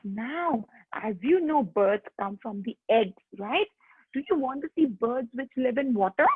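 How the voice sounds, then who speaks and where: Woman kids' teacher, sing-song and coaxing, fairly high voice, dry close sound. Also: lively intonation, unhurried, slightly rough, no room sound. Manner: coaxing, sing-song, getting kids to join in. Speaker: teacher of young children. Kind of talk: online kids' lesson. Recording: tinny phone-like line.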